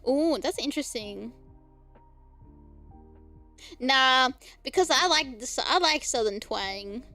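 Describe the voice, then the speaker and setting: High, bright giggly Australian woman. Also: animated, slow pace, soft background music. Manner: giggly, bursts into laughter and squeals. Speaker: streamer. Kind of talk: casual live-stream chat.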